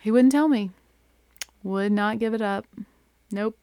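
Here a woman speaks at a measured pace in a mid-range voice, on a dry recording. Telling a personal story, she's chatty and animated, full of fillers like "like" and "you know," and self-deprecating as she laughs at what happened.

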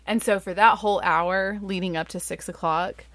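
A woman, a mother telling a family story in a lively, chatty way, full of fillers, who jumps much higher whenever she quotes someone. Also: normal speed, dry recording. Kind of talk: casual personal storytelling.

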